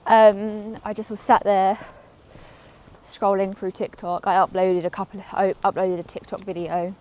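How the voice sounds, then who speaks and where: A woman's voice: mid-range voice, flat delivery, measured pace, dark tone. Breathless chatty woman. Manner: chatty and rambling, with frequent ums. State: slightly out of breath from walking. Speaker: vlogger. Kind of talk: casual walk-and-talk vlog. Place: outdoors on city streets and transit. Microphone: small clip-on mic.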